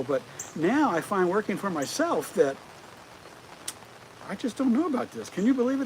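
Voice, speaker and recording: A middle-aged man hosting a casual livestream outdoors, animated and always asking his viewers rhetorical questions. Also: sits high, poor audio. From United States. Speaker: livestream host. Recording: rain noise clearly audible outdoors.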